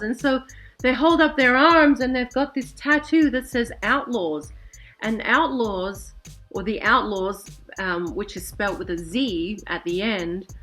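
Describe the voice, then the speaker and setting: A woman in her forties telling a personal story casually, rambling with many fillers and asides. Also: a little high. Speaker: vlogger.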